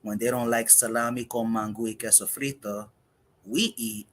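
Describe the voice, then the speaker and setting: A man, a poet of half Dominican and half Puerto Rican heritage who grew up in the United States, performing spoken word poetry in a measured, reflective way with pauses. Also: medium pitch, fairly even intonation, fairly bright tone, a little hiss or hum.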